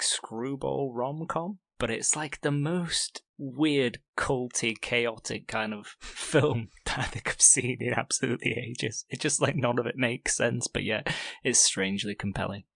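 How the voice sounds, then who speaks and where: A man's voice: mid-range voice, a little slow, gravelly, hardly any pauses, fairly bright tone, no echo, studio quality. A man co-hosting a podcast, rambling chattily with plenty of laughs. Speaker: podcast co-host. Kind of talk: casual chat.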